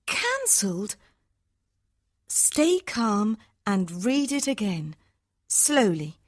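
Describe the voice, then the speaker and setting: Man voicing a desperate young woman, high and pleading. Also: very animated, extremely slow, full character voice. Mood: anxious. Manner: pleading, urgent. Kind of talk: storybook reading.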